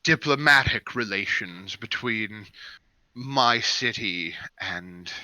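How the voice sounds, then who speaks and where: A man's voice: fairly low pitch, lively intonation, takes it slowly, sharp tone, no room sound, voice pushed down, heavily acted. A man voicing a pompous, weary city overseer with stiff, formal speech.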